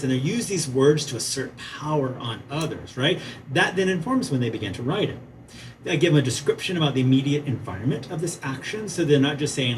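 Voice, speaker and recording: A man gives a conference talk in a museum theater, talking in an animated, conversational way and tossing in "right?" to check in with the crowd. His voice sits a touch high, picked up from a distance with faint room ambience behind it. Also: slight background noise. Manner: animated, asks "right?" often, chatty asides. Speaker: conference presenter and playwriting teacher.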